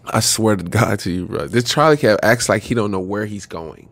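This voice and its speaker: Animated, slangy man telling a story. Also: lowish voice, moderate pace, no room sound. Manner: animated, slangy, keeps saying "bro" and "swear to God". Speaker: podcast guest, former pro basketball player. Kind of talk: casual storytelling.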